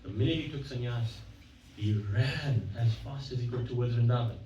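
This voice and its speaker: A man's voice: mid-range voice, moderate pace, dark tone, a little hiss or hum. A man giving a devotional lecture at a temple. He tells stories conversationally, acts out the quoted dialogue, and often corrects himself mid-sentence. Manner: conversational, with frequent self-corrections. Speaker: guest speaker at a temple. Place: temple hall. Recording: echoey, distant, dull-sounding hall recording.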